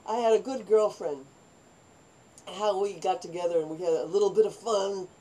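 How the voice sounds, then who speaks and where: A woman's voice: mid-range voice, normal speed, poor audio. Older woman telling rambling life stories. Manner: rambling, animated, acts out quoted voices. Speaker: vlogger telling her life story. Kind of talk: personal storytelling monologue.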